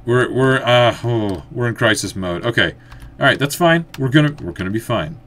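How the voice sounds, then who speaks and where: A man giving casual let's-play commentary, thinking aloud as he plays and breaking into excited outbursts. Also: mid-range voice, moderate pace. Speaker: gameplay commentator.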